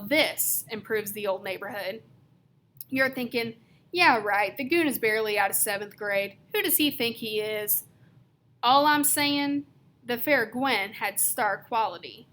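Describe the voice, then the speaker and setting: Woman reading an audiobook, slangy teen-boy storytelling, bright and a bit high. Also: a little hiss or hum. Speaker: audiobook narrator. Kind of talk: first-person audiobook narration.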